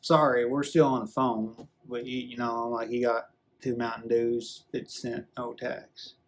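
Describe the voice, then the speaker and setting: A man vlogging a rambling, earnest confessional story, halting often and restarting his sentences. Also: medium pitch, level tone, a little hiss or hum. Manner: halting, earnest, with many restarts and drawn-out fillers.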